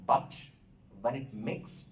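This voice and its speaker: A man with an Indian English accent teaching an English writing lesson, explaining step by step and spelling words out letter by letter. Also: slow pace. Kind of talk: classroom lecture. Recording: roomy echo, distant mic, faint hiss.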